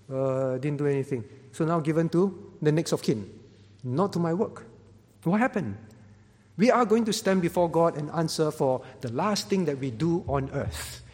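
A man preaching a sermon as pastor, earnest and pleading, rising at times to loud exclamations. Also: high voice. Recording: long hall reverb.

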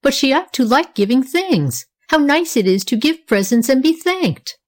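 A woman voicing a dreamy, eager little girl with a wistful, excitable manner. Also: high-pitched, moderate pace, voice pushed up.

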